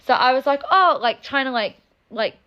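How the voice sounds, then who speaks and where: A young woman telling a story time, fuming and upset, talking fast with lots of "like" and swearing. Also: sits high, lively intonation, muffled recording. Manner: angry, fast, swears a lot, many "like"s. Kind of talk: casual storytime rant.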